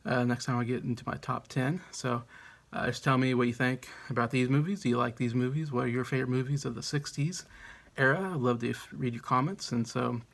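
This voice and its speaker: Man, 30s, casual movie vlogger; gravelly, monotone delivery, rambling and eager. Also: mid-range voice, fairly quick. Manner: rambling and enthusiastic, with frequent self-corrections. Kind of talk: casual chat to camera.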